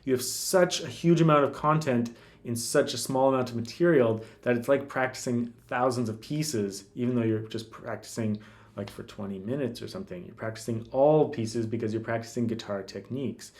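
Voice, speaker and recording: Relaxed man teaching classical guitar. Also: medium pitch, normal speed. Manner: relaxed, thinks aloud with many fillers and restarts. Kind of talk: casual instructional talk.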